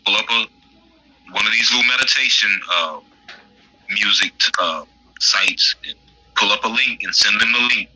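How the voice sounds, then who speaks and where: A man's voice: on the low side, normal speed, long pauses, pushed and bright, rough recording. A man speaking as a guest in casual chat, earnestly and confidently offering his healing tones to listeners.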